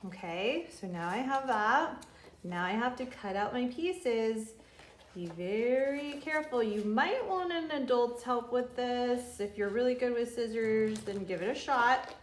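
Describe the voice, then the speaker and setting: Slow, gentle preschool teacher woman. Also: on the high side, expressive. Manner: slow, gentle, sing-song, speaking to small children. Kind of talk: craft and song lesson for young children. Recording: roomy echo, faint room noise.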